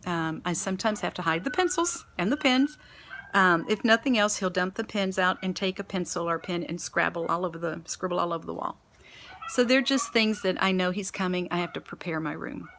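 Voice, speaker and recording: A woman special education teacher giving a rambling class reflection, correcting herself often and filling pauses with ums. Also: on the low side, a bit bright, a little hiss or hum.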